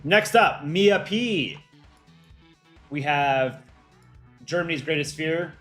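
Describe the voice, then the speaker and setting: A man hosting a casual livestream for a cartoon channel, reading viewer questions and thinking aloud in a relaxed, offhand way. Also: on the high side, slow pace, pauses often, soft background music. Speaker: livestream host for a countryball animation channel.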